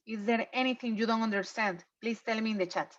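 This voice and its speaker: A woman's voice: fairly high pitch, fast. Woman teaching online. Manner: patient, checks in with "okay?". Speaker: English teacher. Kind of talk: online class review lesson. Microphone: video call. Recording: muffled lo-fi online class audio.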